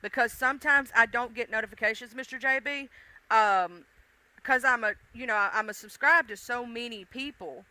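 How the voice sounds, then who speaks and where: A woman from the American South with a mixed deep-South accent chats loosely with her livestream viewers. She rambles, talks straight to the chat and curses casually. Her voice is very bright and sharp, recorded dry and close. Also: normal speed, no room sound, low-quality recording. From Southern United States. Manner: rambling, chatty, swears freely, addresses chat directly. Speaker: livestream host.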